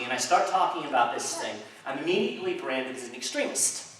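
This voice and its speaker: Animated man speaking in an echoey hall. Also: fairly high pitch. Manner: animated, storytelling. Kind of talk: public talk to a crowd. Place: chamber of commerce hall. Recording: echoey hall, distant mic, faint noise.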